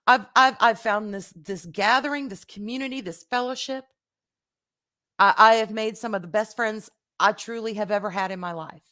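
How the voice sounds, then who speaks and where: A woman's voice: medium pitch, normal speed, pushed and bright. Earnest woman hosting a heartfelt live vlog. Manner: earnest, repeats words as she restarts, greets live viewers by name. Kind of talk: heartfelt casual talk to viewers.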